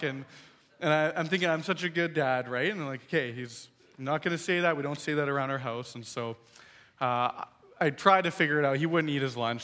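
A man in his thirties telling a funny story to a live audience, acting out the quotes in a raised voice and laughing as he goes. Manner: animated, acts out quotes in a higher voice, laughs while telling.

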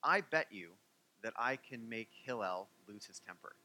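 A man's voice: medium pitch, lively intonation, moderate pace, sharp tone, poor audio. A man doing a brash, rude bettor. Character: brash, rude adult man out to win a bet.

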